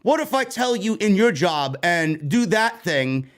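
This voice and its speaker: A man from New York runs a wrestling news show in a heated, profane rant. His voice sits high and leaps up and down with lively pitch swings. He swears freely and keeps the energy up. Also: measured pace. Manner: animated, heated, heavy swearing. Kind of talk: profane ranting commentary.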